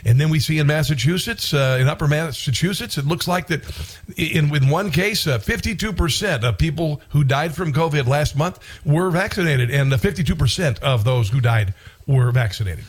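A man hosting a political talk show delivers an indignant, rambling commentary monologue, restarting often and breaking into bursts of outrage. His voice is on the high side and a little fast.

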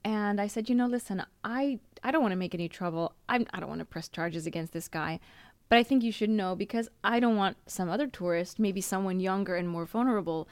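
A woman's voice: medium pitch, brisk, smooth, no echo. A woman podcast host frankly telling a personal story, with small laughs and restarts.

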